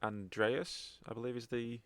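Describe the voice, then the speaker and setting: A man as game master of a tabletop game, giving relaxed explanations and rulings. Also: medium pitch, measured pace, dry recording.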